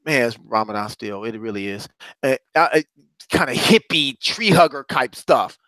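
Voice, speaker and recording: A man who calls himself a courage coach speaks motivationally to a congregation at a moderate pace with no echo. He is emphatic and repetitive, swinging from low murmurs up to loud, high-pitched exhortations.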